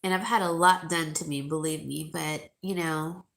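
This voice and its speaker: A woman's voice: low voice, fairly even intonation, moderate pace, gravelly, fairly bright tone. A middle-aged woman hosting a live jewelry sale, chatting emotionally with viewers and calling them by name. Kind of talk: casual chat with viewers.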